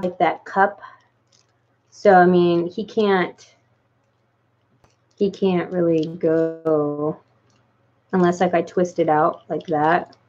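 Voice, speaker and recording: A woman's voice: fairly low pitch, a little hiss or hum. Woman just chatting to her viewers, rambly, keeps saying like and starting over, kinda dull lo-fi sound. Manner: rambling with many likes and restarts. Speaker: doll collector vlogger. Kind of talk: casual unscripted chat.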